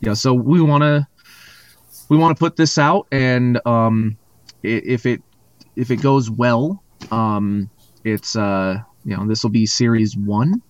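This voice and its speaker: A man at an ordinary middle pitch hosts a casual chat. He talks haltingly, full of "um" and restarts. The sound is dry and a little dull. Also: fairly even intonation, no echo. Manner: hesitant, many fillers and restarts. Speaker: podcast host.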